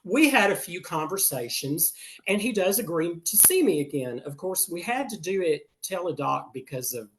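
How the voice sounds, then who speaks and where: A man's voice: high voice, sing-song, normal speed, a little hiss or hum. An older man from Texas doing a campy, sassy stand-up set, punctuated with air kisses. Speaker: stand-up comedian.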